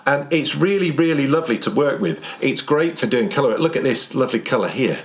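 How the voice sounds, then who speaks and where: A man's voice: mid-range voice, lively intonation, brisk. A man co-hosting a casual knitting chat, cheerful and enthusiastic. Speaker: podcast co-host.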